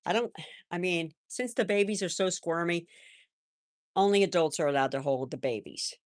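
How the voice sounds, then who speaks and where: An older woman hosting a live stream, chatting in a gentle, rambling way and answering viewers' comments. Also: on the low side, normal speed, no room sound, clean studio sound. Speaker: livestream host. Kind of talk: casual live-chat talk.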